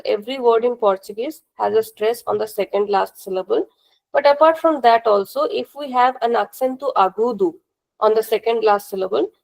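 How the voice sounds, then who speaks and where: A woman teaches an online class in a slightly raised voice. She is patient and methodical, going over each rule again and asking students whether it is clear. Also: fairly high pitch, darkish tone, low-quality recording. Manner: patient, repeats rules and checks understanding. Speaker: language teacher. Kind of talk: live online class instruction.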